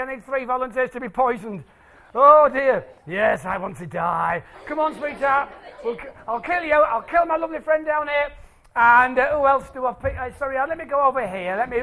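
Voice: high-pitched, a bit bright. A stage presenter doing maths tricks live for an audience in a hall, playful and jokey as they draw the crowd in.

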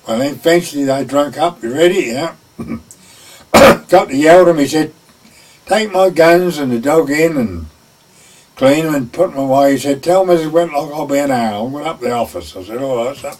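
Recorded from afar, a former gamekeeper in his later years spins a folksy tale, acting out each character's voice. He speaks with a fairly high pitch and lively intonation, moderately paced and a little mellow.

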